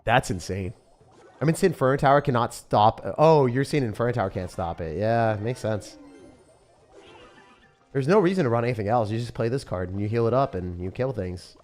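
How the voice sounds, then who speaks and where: A young man commentating his own gameplay as a streamer, excitable and sarcastic, mocking what he complains about. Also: mid-range voice, moderate pace. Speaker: game streamer. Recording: faint music behind.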